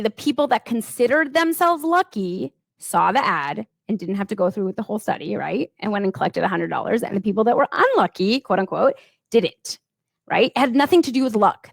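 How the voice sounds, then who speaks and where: A woman's voice: fairly high pitch, creaky, no room sound. A woman in her thirties giving a casual motivational talk as a coach, chatty and peppered with "like" and "right?".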